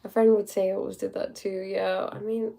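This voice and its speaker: Young woman, stuffy nose, loose and chatty livestream host, middle-pitched voice. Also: little pitch movement, vocal fry, mellow. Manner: chatty, many likes and quick acted-out quotes. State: blocked nose. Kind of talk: casual livestream chat.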